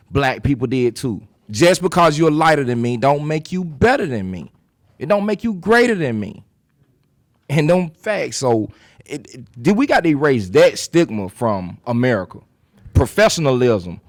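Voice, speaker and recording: A man's voice: on the high side, big pitch swings, a little slow, no room sound, studio quality. A man speaking on a panel, emphatic and direct, repeating himself for force. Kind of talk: impassioned panel talk.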